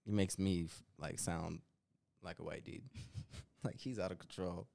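A man's voice: deep voice, steady tone, measured pace, gravelly, darkish tone, no room sound. A young man with a Denver Chicano accent, co-hosting a podcast in laid-back casual chat with profane asides. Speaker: podcast co-host.

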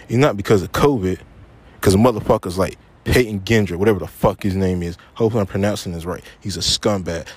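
A man's voice: sits low, a little mellow, breathy edge. A man hosting his own podcast, ranting angrily with heavy swearing and repeating his points for emphasis, frustrated and upset. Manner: angry, profane, repeats himself for emphasis. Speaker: podcast host. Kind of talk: solo podcast rant.

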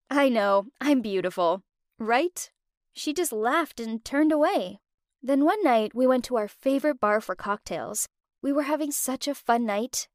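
A young woman narrates a first-person drama with expressive, emotional delivery. Her voice is high and the recording is close and dry. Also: no echo. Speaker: storyteller.

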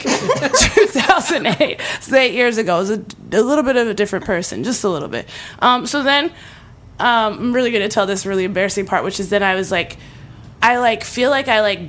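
A young woman telling a comedic story in casual chat, animated and full of likes and ums, often breaking into laughter. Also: mid-range voice.

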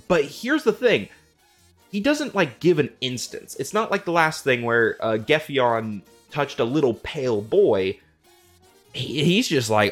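A young man with a lively, swooping delivery tells old myths like gossip, cursing freely and slipping into quick impressions of the characters. His voice sits mid-range, and faint music plays behind him. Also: medium pitch. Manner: animated, profane, slangy, mimics characters in quick asides. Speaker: podcast host. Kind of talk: casual comedic retelling.

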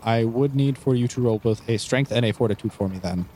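A man's voice: mid-range voice, fairly quick, dark tone, a little hiss or hum. A young man running a tabletop role-playing game as game master, narrating and speaking for characters in an easygoing, friendly way with frequent ums.

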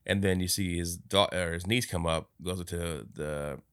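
A man co-hosting a casual movie review podcast, retelling scenes with swearing and loud put-on voices. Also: sits low, fairly even intonation, a little slow, clear, resonant tone, no echo, studio quality. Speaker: podcast co-host.

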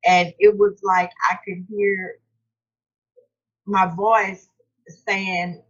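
Teary lady, slow halting talk, low-ish voice, muffled lo-fi sound. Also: flat delivery. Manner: halting, soft-spoken, many fillers and restarts. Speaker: grieving mother interviewed as guest. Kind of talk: emotional personal recollection.

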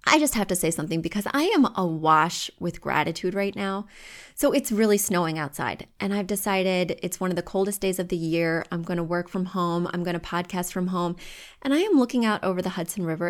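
A woman's voice: medium pitch, moderate pace. A woman hosting a home-decor advice podcast from home, chatty and emphatic with firm opinions. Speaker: podcast host.

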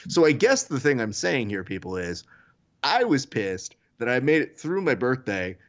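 A man in his thirties from California, co-hosting a podcast and telling stories in a casual chat, voice jumping high on quoted exclamations. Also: big pitch swings, moderate pace, muffled recording. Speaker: podcast co-host.

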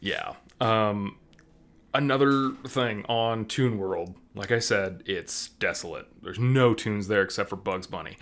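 A man hosting a casual movie review chat, animated and sarcastic, laughing often. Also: on the low side, measured pace. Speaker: movie review podcast host.

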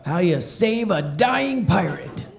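A man playing a pirate comedian who tells family-friendly jokes and repeats each question before a slow punchline. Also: high voice, big pitch swings, gravelly, full character voice. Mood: cheerful. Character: jolly joke-telling male pirate comedian.

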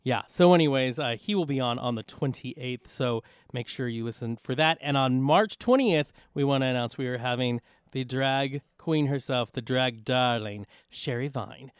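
A man's voice: medium pitch, normal speed, smooth, dry recording. A man co-hosting a radio talk show in casual chat, laughing often as he introduces guests.

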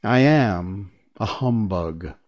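A man's voice: fairly low pitch, lively intonation, very slow, a little mellow, full character voice. A man voicing a timid little old man posing as a great wizard, stammering and trembling as he speaks in a storybook reading. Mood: meek.

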